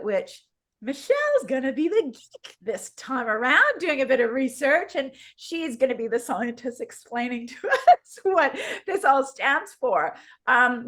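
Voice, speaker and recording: Chatty woman podcast co-host, fairly high voice. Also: fairly bright tone. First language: French. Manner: chatty, rambling, upbeat. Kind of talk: casual chat.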